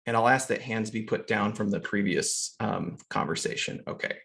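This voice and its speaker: A man chairing an online meeting on a video call, halting and full of fillers as he runs through procedure. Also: on the low side, creaky, a bit bright.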